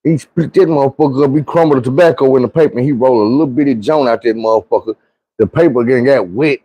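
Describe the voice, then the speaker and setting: Mellow-voiced man telling a story. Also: mid-range voice, quick pace, slightly rough. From Arkansas. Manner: animated, slangy, acts out quoted friends. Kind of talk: casual profane storytelling.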